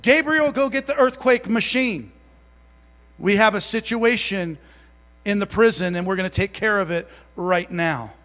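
A man voicing God as a commanding fatherly deity who gives brisk, matter-of-fact orders in the middle of a sermon. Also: high voice. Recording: tinny, phone-like sound in a long reverberant hall.

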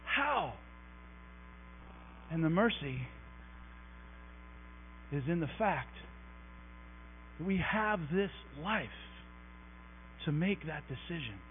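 A man with a high voice preaches a lively, chatty sermon in a church, tossing asides to the people in the pews. The sound is thin and phone-like, with a faint hum underneath. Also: slow, long pauses. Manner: conversational, animated preaching with asides to the congregation. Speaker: pastor. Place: church sanctuary. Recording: tinny phone-like recording with mains hum.

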